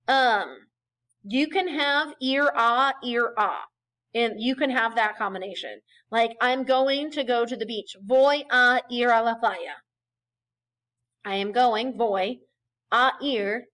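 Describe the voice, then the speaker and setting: A woman with a fairly high voice teaches a recorded lesson over slides. She explains things patiently and step by step, often pausing to check in with a quick "okay?". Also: a bit bright, low-quality recording. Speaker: Spanish teacher.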